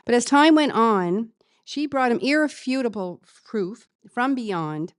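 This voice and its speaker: An actress playing a funeral celebrant with new-age beliefs, speaking softly and earnestly, rambling with fillers. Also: female voice, on the high side, animated, unhurried, clean tone, dry recording, studio quality.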